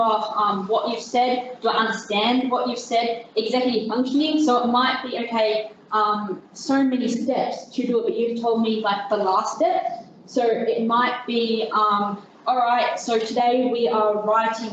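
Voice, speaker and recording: A young woman speaks informally to an audience, rambling a little and stopping to restart her sentences. Her voice sits a touch high. The recording is dull and very echoey, as if taken in a big hall with faint background noise. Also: distant mic. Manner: chatty, self-deprecating, many fillers and restarts. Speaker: guest speaker. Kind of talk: informal presentation to a group.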